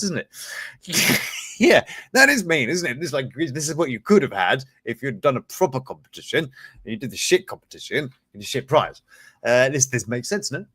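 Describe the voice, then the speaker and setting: A man's voice: medium pitch, fairly bright tone, husky, no room sound, clean studio sound. A man hosting a casual live-streamed news show, reading stories aloud with cheeky, sweary asides and frequent chuckles. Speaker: host of a news and reviews show.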